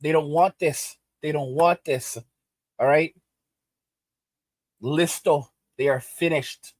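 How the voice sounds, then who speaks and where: A man's voice: on the high side, no echo. A man hosting a commentary video, ranting indignantly and repeating himself. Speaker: commentary host.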